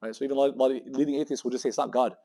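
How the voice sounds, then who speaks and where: A man in his thirties giving a religious talk to university students in a lecture room, talking very fast and acting out the voices of people in his stories. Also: medium pitch, steady tone, dark tone. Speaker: Muslim speaker giving a campus talk.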